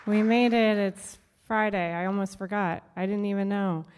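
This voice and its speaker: A woman's voice: mid-range voice, fairly even intonation, moderate pace, darkish tone, in a large hall, slight background noise. A young adult woman doing a stand-up set on stage, wry and self-deprecating with punchy delivery. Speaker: stand-up comedian. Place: stage of a live show.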